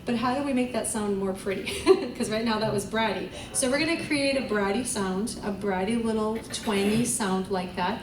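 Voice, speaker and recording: A woman's voice: mid-range voice, moderate pace, background noise. A woman leading a choir vocal class, explaining technique in a chatty way and singing the exercises to demonstrate. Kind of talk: group voice lesson. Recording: echoey room, voice from far off, music behind.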